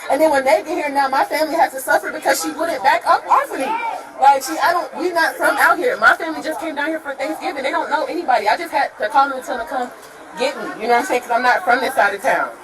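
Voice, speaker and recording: A woman who was in a car accident tells what happened, out on the street, rushed and repeating herself with nervous half-laughs. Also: high voice. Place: outdoors at a roadside accident scene. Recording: far from the mic, crowd noise.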